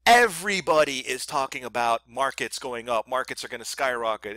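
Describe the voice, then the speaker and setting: A man's voice: medium pitch, normal speed, few pauses, sharp tone, no echo. A man giving a screen-share trading tutorial in a blunt, profane, emphatic way, sounding annoyed and often asking "right?" to check that the viewer follows. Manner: keeps asking "right?" for agreement. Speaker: trading educator.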